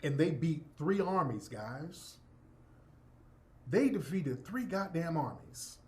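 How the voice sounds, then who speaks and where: Male commentator, emphatic and profane, preacher cadence, lively high voice. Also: slow. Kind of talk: impassioned monologue.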